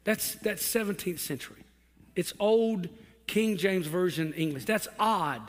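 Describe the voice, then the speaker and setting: Pastor, male, high bright voice, fervent preacher with long hall reverb. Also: unhurried. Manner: preaches in swelling shouts, then drops to a low quiet voice. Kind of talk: sermon. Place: church hall with a congregation.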